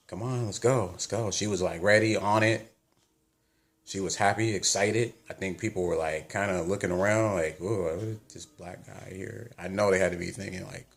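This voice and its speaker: An American man vlogging, telling a chatty, animated travel story with lots of quoted dialogue. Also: deep voice, gravelly. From United States. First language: English.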